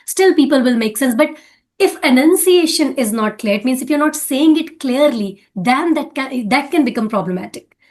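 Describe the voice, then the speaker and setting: A woman's voice: high-pitched, animated, moderate pace, a little mellow. A woman with an Indian English accent, coaching in a casual talk about speaking English and often checking in with "right?".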